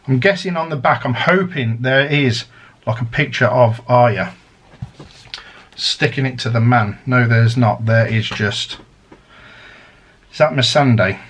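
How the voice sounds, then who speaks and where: A man's voice: medium pitch, unhurried, pauses often, fairly bright tone. A man chatting casually as he unboxes a collector's set, rambling and drifting into fan theories. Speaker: unboxing vlogger.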